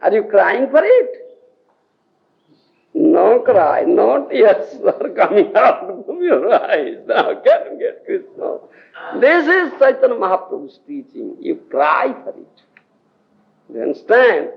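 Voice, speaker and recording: A man's voice: sits high, huge pitch swings, slow, vocal fry. A man from India with an Odia accent, giving a scriptural lecture to devotees, emphatic, often asking the audience if they understand and laughing. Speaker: spiritual teacher giving a lecture. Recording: dull lo-fi 1980s tape recording.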